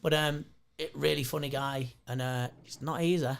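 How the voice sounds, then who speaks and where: A man's voice: on the high side, fairly even intonation, moderate pace, gravelly. A man talking bluntly as a podcast guest, swearing freely and restarting his sentences in casual chat. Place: podcast studio.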